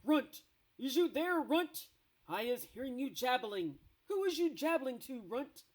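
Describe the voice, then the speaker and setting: A woman voicing a huge, bullying male giant who booms and shouts insults in a storybook read-aloud. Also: lively intonation, moderate pace. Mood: booming, menacing.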